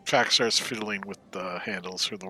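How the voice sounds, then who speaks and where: A man's voice: fairly low pitch, moderate pace, sharp tone, soft background music. A man playing a tabletop game, describing his character's actions between laughs. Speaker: player. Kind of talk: tabletop role-play.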